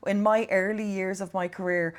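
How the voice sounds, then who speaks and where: A woman's voice: medium pitch, fairly even intonation, moderate pace. A woman, hosting a podcast and chatting casually, self-mocking and full of fillers. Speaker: podcast host. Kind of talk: casual conversation.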